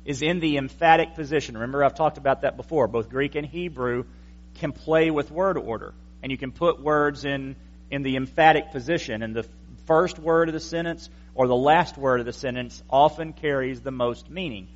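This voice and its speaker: A man's voice: medium pitch, moderate pace, lo-fi sound. A male pastor giving a conversational teaching sermon with wry asides to the congregation. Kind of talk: explanatory evening sermon.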